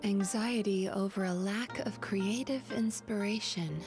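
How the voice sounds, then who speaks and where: A woman voicing a calm young female therapist who speaks softly and soothingly in a game. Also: medium pitch, unhurried, soft background music, close to an everyday voice. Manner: soft, gentle and soothing. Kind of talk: game voice acting.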